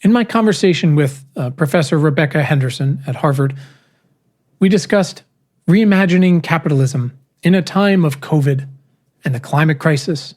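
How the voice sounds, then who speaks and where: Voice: medium pitch, moderate pace, darkish tone. A podcast host reading their own essay aloud in an earnest, emphatic way, with casual wry asides.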